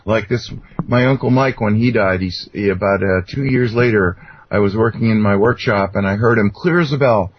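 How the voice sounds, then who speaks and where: A man's voice: fairly low pitch, steady tone, moderate pace, a little hiss or hum. A man telling personal anecdotes in a casual, rambling way, with many fillers and restarts. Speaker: guest. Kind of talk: casual storytelling interview. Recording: dull lo-fi sound.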